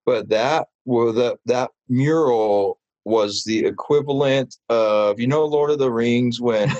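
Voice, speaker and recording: A man being interviewed about his mural work, telling stories in a casual, animated way full of fillers. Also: medium pitch, slow pace, no echo, dull audio. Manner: animated, chatty, many fillers. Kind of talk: casual storytelling.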